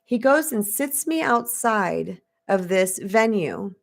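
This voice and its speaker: A woman's voice: medium pitch, lively intonation, slow pace, creaky. A woman in her fifties from the United States, a spiritual coach telling a personal story to live viewers in a candid, chatty way and acting out the voices she quotes.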